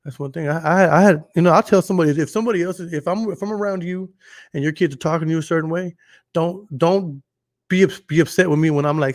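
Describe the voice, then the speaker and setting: A man's voice: fairly high pitch, fast talker, no echo, studio quality. A young man from Dallas, hosting a podcast in casual chat, telling stories with lots of swearing and acting out what people said. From Dallas, Texas. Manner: animated storytelling, profane, acts out quotes. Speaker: podcast host.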